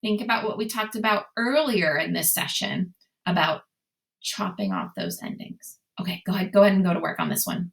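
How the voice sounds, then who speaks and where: A woman's voice: lowish voice, sing-song, fairly quick, vocal fry. A young adult woman teaching a phonics lesson to young children, asking questions and cheerfully answering them in a sing-song way. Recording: echoey room.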